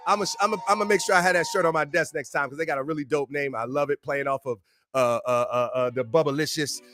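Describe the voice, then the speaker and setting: A man hosting a webinar, talking in an energetic hype-man style with lots of slang and a sing-song delivery. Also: fairly high pitch, fast. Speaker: webinar host. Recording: hip hop music playing behind.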